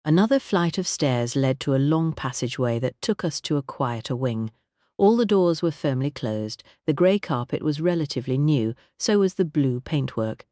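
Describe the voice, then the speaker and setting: Measured, dry audiobook narrator. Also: mid-range voice, expressive, warm tone, no echo. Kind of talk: scripted narration.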